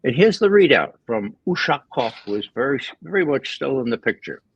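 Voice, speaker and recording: An older man giving political commentary as a guest, animated with laughing asides and frequent restarts, heard over a dull lo-fi line. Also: medium pitch, fairly quick, creaky, slightly rough, no room sound. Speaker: guest analyst. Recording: dull lo-fi remote audio.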